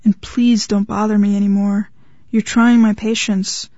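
A blunt, cool-headed wife with a flat, impatient way of talking, as a woman reading the story gives her voice. The audio is a little dull and completely dry. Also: mid-range voice, a little slow, no room sound.

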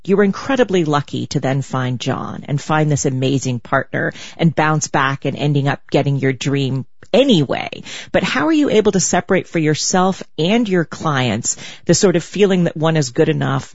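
A woman hosting an interview, asking prepared questions in a measured way. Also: deep voice, expressive, no room sound, lo-fi sound. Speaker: interviewer host. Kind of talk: broadcast interview.

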